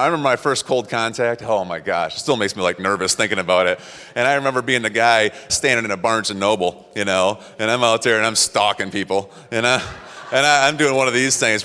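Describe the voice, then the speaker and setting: A man giving a motivational talk, telling personal stories in an animated way and acting out quotes. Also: medium pitch, in a large hall. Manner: animated, acts out quotes, laughs at himself. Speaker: motivational speaker. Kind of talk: storytelling talk to an audience.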